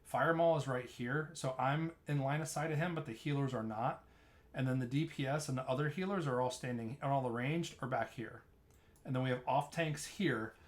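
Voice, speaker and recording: A streamer with a medium-pitched voice and normal speed explains raid tanking tactics while narrating a replay of his own gameplay. He talks loosely, restarting often.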